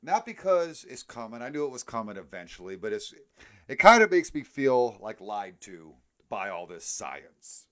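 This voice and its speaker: In a sing-song, slightly bright mid-range voice at normal speed, a middle-aged man with a New York accent rants heatedly on the podcast he co-hosts, his casual chat laced with profanity.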